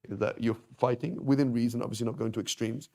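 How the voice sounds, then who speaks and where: A man's voice: mid-range voice, steady tone, quick pace, creaky, dark tone. A man teaching an informal Arabic class, talking conversationally and tossing rhetorical questions at his students.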